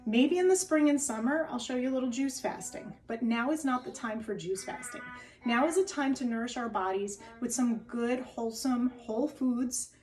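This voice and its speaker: A woman's voice: a little high, normal speed, a little mellow, far from the mic, soft background music, low-quality recording. Chatty New Jersey woman in her kitchen. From New Jersey, USA. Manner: chatty, keeps tagging lines with "okay?". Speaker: wellness cooking host. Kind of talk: casual cooking demo to camera. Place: home kitchen, indoors.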